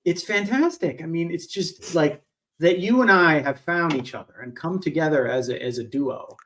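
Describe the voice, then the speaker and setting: Chill guy cohosting a podcast, swears casually, slightly high voice. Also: moderate pace, a bit bright. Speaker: podcast co-host. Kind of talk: casual chat.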